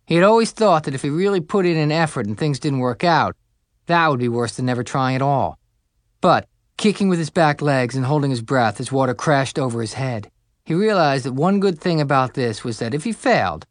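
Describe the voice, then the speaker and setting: A man reads a fantasy story aloud in a mid-pitched voice. His reading is expressive and lifts higher for dialogue. The recording is dry and close. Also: normal speed, dry recording. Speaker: audiobook narrator. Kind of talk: scripted narration.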